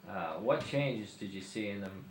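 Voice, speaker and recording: A man asking questions in a family oral history interview, pausing often with fillers as he works out what to ask. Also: on the low side, expressive, crowd noise. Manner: hesitant, many fillers while framing questions. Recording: echoey room, faint background hiss.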